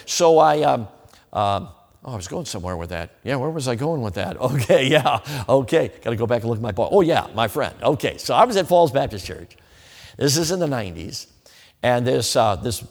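A man preaching a sermon in a church, folksy and animated, chuckling between points. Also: mid-range voice. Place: church sanctuary. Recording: long reverb of a large hall.

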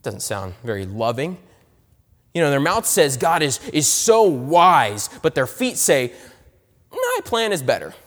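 A man preaching a sermon, swinging between loud emphatic lines and soft, low asides. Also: sing-song, measured pace, long reverb tail.

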